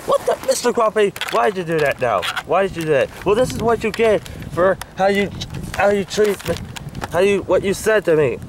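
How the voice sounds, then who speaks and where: High, lively man squabbling in a skit. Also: fairly quick, noisy background. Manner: squabbling, whiny, bursts of shouting. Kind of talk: homemade hand-puppet skit.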